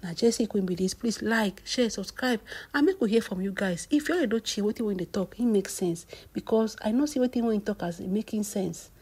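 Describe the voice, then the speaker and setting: A woman's voice: mid-range voice, brisk, a little mellow, husky. A woman with a Nigerian accent giving exclamatory celebrity gossip commentary and calling out to her viewers. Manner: exclamatory, addresses viewers as "my people". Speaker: gossip vlogger.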